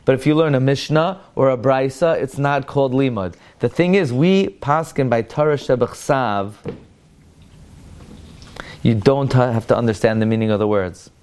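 Animated rabbi teaching a Torah class. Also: male voice, moderate pace, clear, resonant tone. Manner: animated, with sudden jumps in pitch for emphasis; mixes Hebrew and Aramaic quotations into English explanation. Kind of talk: Torah study lesson.

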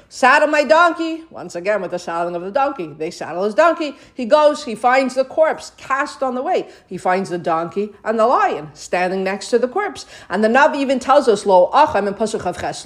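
A woman teaching a scripture story, reading Hebrew verses and retelling them in lively English. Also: medium pitch. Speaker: Torah teacher. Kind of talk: retelling and explaining a scripture passage.

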